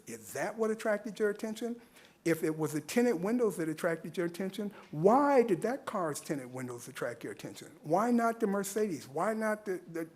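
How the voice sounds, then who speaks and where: A man's voice: sits high, darkish tone. A man speaking earnestly at a public meeting, using rhetorical questions and repeating points for emphasis at a podium microphone. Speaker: public commenter. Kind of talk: public comment at a civic meeting.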